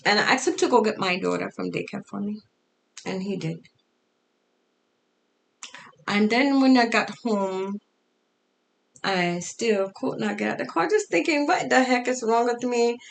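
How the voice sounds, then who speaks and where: Woman with an altered foreign-sounding speech, gravelly. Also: mid-range voice, lively intonation, slight background noise. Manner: halting, with fillers and restarts. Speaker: storyteller sharing her life. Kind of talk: casual personal storytelling.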